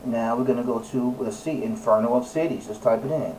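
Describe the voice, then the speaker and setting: A man with a mellow, warm voice gives a casual scripture talk, emphatic and preachy, often stopping to correct himself. He sounds set back from the microphone, with faint room noise underneath. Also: mid-range voice, brisk, distant mic, poor audio. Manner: preachy and emphatic, with frequent fillers and self-corrections. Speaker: religious video presenter. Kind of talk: casual scripture teaching while reading aloud and searching online.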